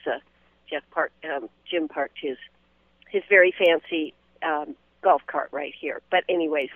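A man hosting a live radio remote from a golf tournament, talking in a fairly high voice for a man. He is chatty and promotional and leans on filler words. The sound is tinny and phone-like, very dry, with no room sound. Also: dry recording. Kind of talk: live on-site radio chat. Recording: tinny phone-line audio.

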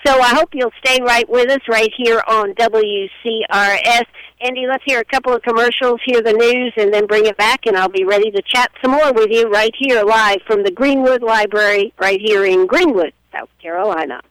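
A conversational radio host leads a live interview recorded at a public library. The voice is bright and sounds close and dry. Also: mid-range voice, moderate pace, clear, resonant tone, no echo, rough recording. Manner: conversational, steers the talk. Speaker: radio talk show host.

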